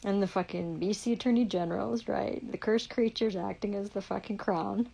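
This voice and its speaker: A woman's voice: mid-range voice, fairly even intonation, moderate pace, vocal fry, warm tone, slightly rough, poor audio. A woman on a live stream, ranting in a heavily profane, indignant and rambling way. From Canada. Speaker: livestreamer. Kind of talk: angry live-stream rant.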